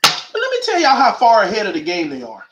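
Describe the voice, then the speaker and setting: A man riffs through an emphatic, preachy monologue, firing off rhetorical questions in slangy talk. His voice sits high and swoops up and down. The room around him rings with echo. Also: wildly swooping pitch, fairly quick, noisy background. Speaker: host of a call-in sports show. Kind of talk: animated opinionated monologue.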